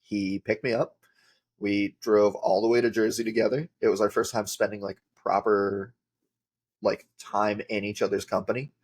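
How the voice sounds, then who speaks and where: A man's voice: lowish voice, flat delivery, normal speed, darkish tone, breathy edge. A man, a podcast guest telling rambling casual stories with lots of filler words. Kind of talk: casual storytelling.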